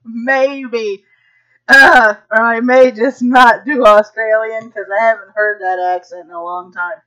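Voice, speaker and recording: A woman's voice: a little high, steady tone, normal speed, pushed and bright, poor audio. A woman hosting a live stream, reading an article aloud and breaking off for casual asides. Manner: reads aloud with asides and frequent laughter.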